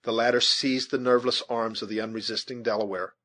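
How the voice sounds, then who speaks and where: A man reading a classic adventure novel aloud as an audiobook narrator, in a measured, dramatic reading. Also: mid-range voice, fairly even intonation, pushed and bright.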